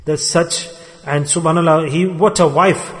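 A man's voice: a little high, steady tone, a little slow, fairly bright tone. A man preaching a sermon to a gathering in a hall. He retells a story with emphasis and asks his listeners rhetorical questions. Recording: long reverberant hall.

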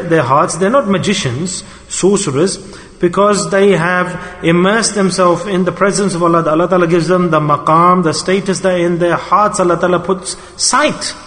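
A man's voice: high-pitched, a bit bright, long reverb tail. A man giving an earnest sermon, asking rhetorical questions and acting out people's pleading prayers. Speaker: preacher.

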